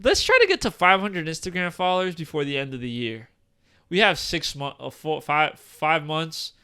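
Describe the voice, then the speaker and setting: Young man, podcast co-host, high voice, bright tone, rambling, filler-heavy. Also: very animated, moderate pace, clean tone. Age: 20s. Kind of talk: casual podcast chat.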